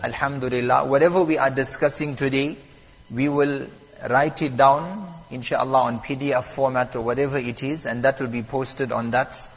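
A man teaching Quran recitation at a mosque, calm and patient, repeating and stressing the key points. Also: mid-range voice, breathy edge, in a large hall, muffled recording. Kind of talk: lesson on Quran recitation rules.

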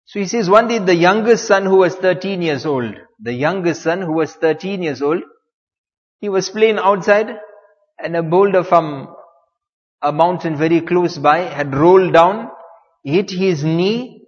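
A man's voice: a little high, long reverb tail, dull audio. A man preaching, telling a story in a sermon, repeating phrases and using Arabic religious terms.

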